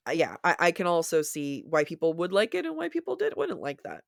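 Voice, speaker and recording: A woman's voice: on the low side, wildly swooping pitch, a little fast, gravelly, dry recording, studio quality. A woman co-hosting a podcast, chatting casually about books in a rambling, self-deprecating way with many restarts. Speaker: podcast co-host. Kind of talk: casual book chat.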